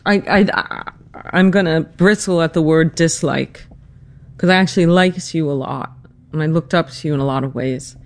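A narrator telling a family story in a reflective, earnest, measured way, and also interviewing their mother. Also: mid-range voice. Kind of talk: personal documentary narration and interview.

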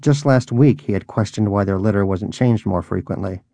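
A man's voice: on the low side, normal speed, mellow, no room sound. A man reading a story aloud with a dry, wry storytelling manner. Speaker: narrator. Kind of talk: audiobook narration.

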